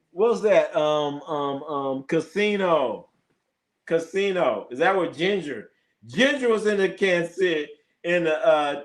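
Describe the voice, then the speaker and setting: This is a man running a casual live sports stream, full of swearing, laughter and stories. His voice sits a little high and swings widely in pitch. He plays the people in his stories himself, in loose and lively chat. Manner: animated, profane, laughs often, acts out quoted exchanges. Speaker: live sports show host.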